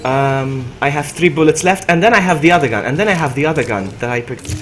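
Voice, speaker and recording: A man streaming a co-op game, chatting excitedly with his partner and repeating himself as he reacts. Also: a little high, a little fast, soft background music. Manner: excitable, yelps and laughs often, repeats himself. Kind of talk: excited gaming commentary.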